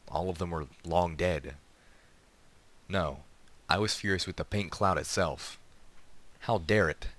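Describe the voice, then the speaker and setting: Brief: male reader, very low voice, steady even narration of a story. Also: unhurried. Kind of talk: reading a fan story aloud.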